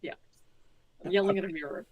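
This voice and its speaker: A woman playing a tabletop game, chatty and playful, talking in quick bursts. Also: fairly low pitch, fairly even intonation, narrow, tinny audio, background noise. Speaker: player. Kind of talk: casual tabletop play.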